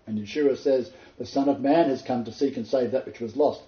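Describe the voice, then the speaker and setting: A man's voice: medium pitch, brisk, dark tone. A man teaching as a messianic rabbi and minister, quoting scripture with dramatic emphasis. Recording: echoey, dull lo-fi room sound.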